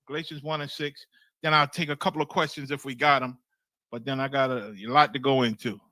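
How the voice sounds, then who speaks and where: A man's voice: mid-range voice, steady tone, fairly quick, pushed and bright, no room sound. A man teaching a scripture class in a sermon-like way, blunt and emphatic, swearing freely and repeating phrases for emphasis. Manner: emphatic, blunt, swears freely, keeps asking "you understand?".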